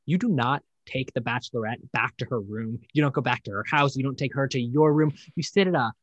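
A young man rambles through a dating-show recap with plenty of swearing and mocking voices. His pitch sits mid-range. The sound is dry and close, with no room echo. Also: a little fast, lo-fi sound. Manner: rambling, profane, acts out quotes in mocking voices. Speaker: podcast host.

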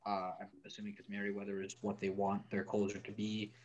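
On a sports podcast, a male co-host talks fairly quickly in a low, monotone voice, wry and offhand with lots of "likes" and "ums." The audio is dull, with crowd noise in the background.

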